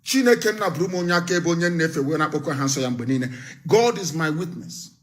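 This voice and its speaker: A man delivers a fiery, scornful political address over a live broadcast. His voice sits high and sounds bright and forceful, and he hammers home his warnings again and again. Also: animated, quick pace. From Nigeria. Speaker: activist leader.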